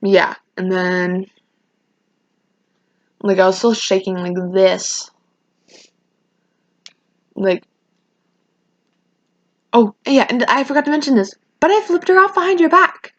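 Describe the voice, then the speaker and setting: A woman's voice: medium pitch, slow, pauses often, no echo. A teenage girl telling a casual, rambling storytime rant, often restarting her sentences and sounding emotional. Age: teens. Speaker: vlogger. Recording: dull lo-fi sound.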